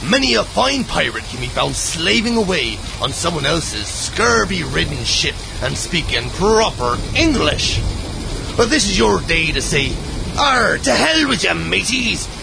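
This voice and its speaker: Male actor voicing a rowdy pirate captain for a comic announcement, gravelly and high-pitched, with rain-like noise behind. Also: sing-song, measured pace, heavily acted. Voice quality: gravelly, growling pirate talk. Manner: bawdy, theatrical announcer delivery. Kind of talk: comic public service announcement.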